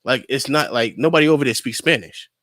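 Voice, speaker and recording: Animated storytelling man, dry close sound. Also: medium pitch, fast talker, no echo. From New Rochelle, New York. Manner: animated, acts out quoted voices, many fillers like "like". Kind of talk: casual chat, storytelling.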